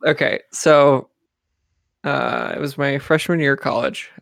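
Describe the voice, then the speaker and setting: A man's voice: mid-range voice, steady tone, measured pace, creaky, a bit bright, no echo, studio quality. A young man casually telling a rambling story among friends, with lots of fillers.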